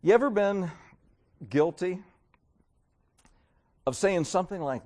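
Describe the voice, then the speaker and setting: A man's voice: sits high, expressive, slow pace, pauses often, warm tone. A male pastor preaching a sermon, acting out mocking voices of churchgoers as he goes.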